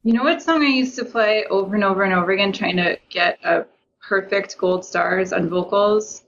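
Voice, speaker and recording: A woman in casual podcast chat, talking in quick bursts and laughing often. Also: medium pitch, fairly bright tone. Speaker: game developer guest. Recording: dull audio with faint noise.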